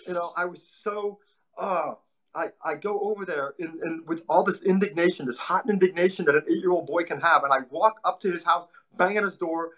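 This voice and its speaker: A man being interviewed, a martial arts instructor telling stories in an animated way with a casual manner. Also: sits high, fairly quick. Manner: animated storyteller, acts out voices in anecdotes.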